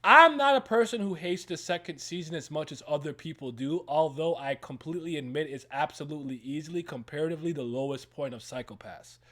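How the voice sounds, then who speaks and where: A young man talks on a casual stream in a high, bright, pushing voice. He gets hyped quickly, swears freely and breaks into laughter between his points. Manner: excitable, loud bursts, laughs often, swears freely. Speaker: stream co-host.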